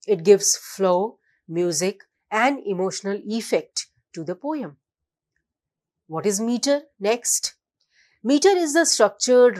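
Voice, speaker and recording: A woman giving a recorded lecture, slowly reading out definitions and examples, with a few fillers and restarts. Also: medium pitch, darkish tone. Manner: slow, deliberate, reads out definitions and examples.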